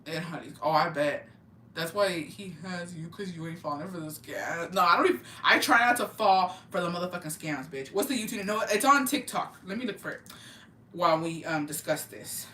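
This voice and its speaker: A young woman from Oaxaca, Mexico, chatting casually and profanely with her live-stream viewers in an animated, slangy way. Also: on the low side, moderate pace, slight background noise. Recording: roomy, mic at a distance.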